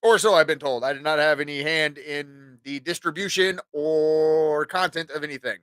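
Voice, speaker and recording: Bright-voiced, foul-mouthed man telling stories. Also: a little high, fairly even intonation, normal speed, smooth, dry recording, clean studio sound. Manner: profane, rambling, acts out quotes. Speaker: podcast host. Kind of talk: casual storytelling monologue.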